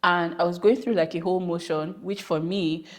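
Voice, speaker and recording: A young woman from Nigeria hosting a podcast, chatting casually with rambling, animated asides. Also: on the low side, brisk. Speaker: podcast host. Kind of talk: casual monologue.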